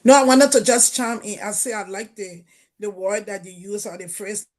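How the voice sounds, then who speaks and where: A woman's voice: mid-range voice, moderate pace. A woman from Liberia on a video call, speaking emphatically and sternly in a casual group discussion and retelling her own exchanges. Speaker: panel guest.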